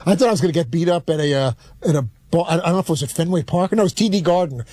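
A man from New York telling a rambling, halting, self-deprecating story as a show regular. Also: fairly high pitch, warm tone, no echo. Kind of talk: casual storytelling.

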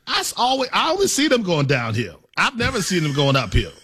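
A man's voice: high-pitched, wildly swooping pitch, a little fast, sharp tone, husky, no echo, studio quality. A man co-hosting a sports radio show, teasing his partner in joking banter and tripping over words.

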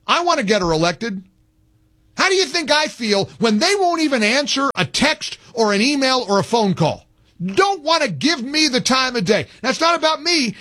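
Fired-up high-voiced male radio host. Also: bright, forceful tone. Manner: fired-up, emphatic, repetitive. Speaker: radio talk show host. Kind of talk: political talk radio rant.

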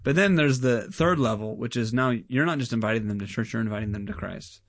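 Earnest pastor talking fast with fillers. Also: male voice, mid-range voice, dry recording, clean studio sound. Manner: earnest, animated, many fillers like "like" and "I mean". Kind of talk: casual conversation.

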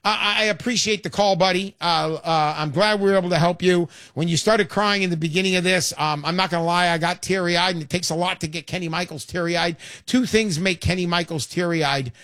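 A man's voice: high voice, steady tone, a little fast, few pauses, fairly bright tone, dry recording, clean studio sound. A man hosting a call-in radio show, brash and hard-selling, repeating his points.

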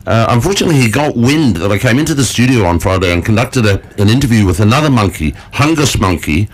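A man with a fairly low voice chats on a morning radio show from the studio. He rambles through his stories with plenty of fillers and the odd chuckle. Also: animated, quick pace. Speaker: radio presenter. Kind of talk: casual radio chat.

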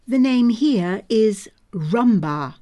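A woman's voice: on the high side, measured pace, mellow, lightly acted. A woman voicing a young male army lieutenant who questions a prisoner in a formal, clipped, suspicious way. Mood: stern.

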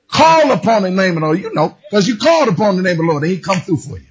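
A man preaching with a high, swooping voice that climbs and drops as he tells his story. His tone is husky and raspy, and he calls out to the people in front of him. The recording sounds dull and lo-fi. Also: fast. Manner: animated preaching, storytelling in character, calling out to congregation. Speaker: pastor. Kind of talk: sermon.

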